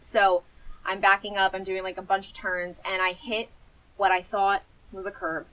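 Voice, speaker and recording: A woman's voice: mid-range voice, flat delivery, moderate pace, a bit bright, low-quality recording. A woman, telling a story on a casual podcast and acting out the voices she quotes. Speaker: podcast co-host. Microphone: podcast mic.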